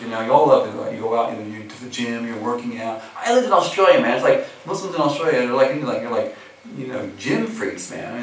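A man's voice: mid-range voice, fairly bright tone, slight background noise. An American man giving a casual, chatty sermon as a Muslim preacher, full of filler phrases. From USA. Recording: echoey hall recording from far off.

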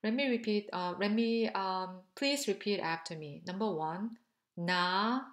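A woman teaching pronunciation, speaking slowly and deliberately and repeating syllables for learners to copy. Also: mid-range voice, roomy sound. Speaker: language teacher. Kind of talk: pronunciation drill lesson.

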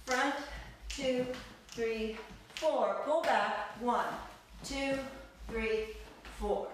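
A woman's voice: a little high, drawn-out words, a little hiss or hum. A woman teaching a belly dance class, counting steps aloud in an upbeat, playful way and laughing often. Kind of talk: live online dance class instruction. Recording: echoey room, mic far off.

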